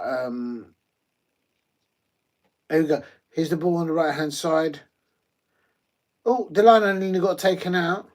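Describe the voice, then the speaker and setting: A man hosting a live football watch-along, chatty and rambling with many fillers and sudden bursts of excitement. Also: fairly high pitch.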